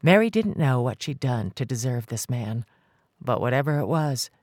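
An audiobook narrator reading a romance story in a measured, scripted way. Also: mid-range voice, animated, a little mellow, dry recording, clean studio sound.

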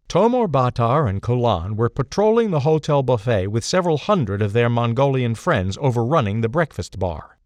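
An older man reading a comic first-person story in a playful, animated storytelling manner. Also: mid-range voice, normal speed, few pauses, no room sound, studio quality.

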